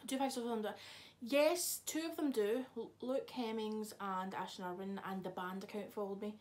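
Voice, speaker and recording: A woman's voice: mid-range voice, fairly even intonation, fairly quick, darkish tone. A young woman, chatting casually to camera in a vlog, swearing freely and teasing someone off camera. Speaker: vlogger. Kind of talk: casual chat.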